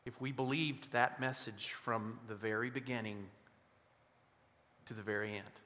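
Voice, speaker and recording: Bright-voiced pastor in a reverberant church. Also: male voice, on the low side, steady tone, unhurried. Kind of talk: sermon. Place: church sanctuary.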